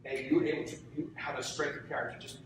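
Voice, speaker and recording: A man's voice: mid-range voice, flat delivery, quick pace, noisy background. A middle-aged man giving an earnest, conversational talk to students and putting questions to his audience. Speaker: guest lecturer. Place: lecture room. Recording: very echoey hall, voice from far off.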